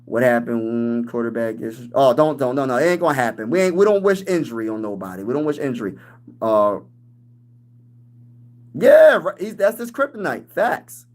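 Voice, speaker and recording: Male livestream host, excitable fan energy, banters with chat, average pitch. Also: moderate pace. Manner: hyped, animated, reading and answering chat; trash-talking sports fan.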